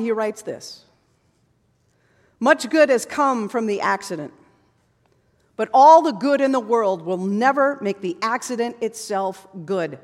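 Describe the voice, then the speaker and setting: A woman preaching a sermon in an earnest manner, rising to fervent passages and sinking to hushed closing words. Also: mid-range voice. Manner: earnest, builds to fervent passages, drops to soft hushed endings. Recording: long hall reverb.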